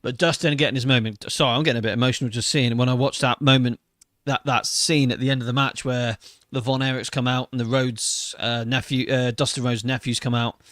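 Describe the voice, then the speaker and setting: A man in his thirties hosts a wrestling podcast in a loose, chatty way, swinging between excitement and open emotion. He drops casual swears as he goes. His voice sits mid-range and sounds dry and close to the mic. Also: mid-range voice, no room sound. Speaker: podcast host. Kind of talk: casual wrestling review chat.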